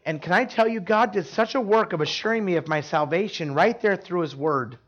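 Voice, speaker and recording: A man with a high voice preaches earnestly, telling personal stories with emphasis and many restarts. The sound is dull and lo-fi. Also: a little fast, a bit bright. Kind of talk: sermon storytelling.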